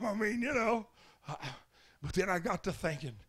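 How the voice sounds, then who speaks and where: A man preaching at a tent revival, telling a folksy story that builds to shouted commands. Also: sits high, lively intonation, unhurried, long pauses. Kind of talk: revival sermon testimony.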